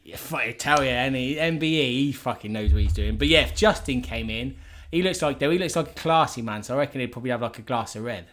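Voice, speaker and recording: A man's voice: medium pitch, fast talker, fairly bright tone. A man, co-hosting a casual chat over beer, talking bluntly and swearing constantly. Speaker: podcast co-host.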